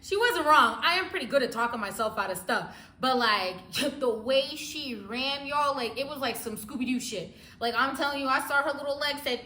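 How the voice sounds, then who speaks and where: A young woman telling a wild personal story in a storytime vlog, laughing often and swinging between hushed and loud. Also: high voice, moderate pace, few pauses, roomy sound, slight background noise.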